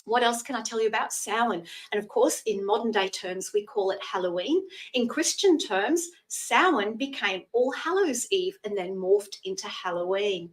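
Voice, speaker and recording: A woman's voice: mid-range voice, expressive, normal speed, few pauses, far from the mic, low-quality recording. A woman in her sixties hosting a live psychic reading show, chatty and thanking viewers by name as she explains old traditions.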